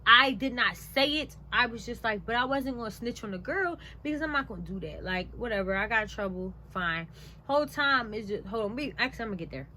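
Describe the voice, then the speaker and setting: A lively young woman tells a personal story straight to camera. Her voice sits fairly high and bright, swings up sharply when she makes a point, and she fills her talk with "like." A faint hum of room noise sits under her. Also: quick pace. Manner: animated, emphatic, conversational; frequent "like" and "blah, blah, blah". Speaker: vlogger. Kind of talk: casual storytime.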